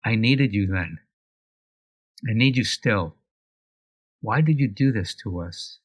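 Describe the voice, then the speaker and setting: A man with a low voice reads a personal letter aloud at a slow, sorrowful pace. The sound is dry and close, with no room around it. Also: lively intonation, breathy edge, no room sound.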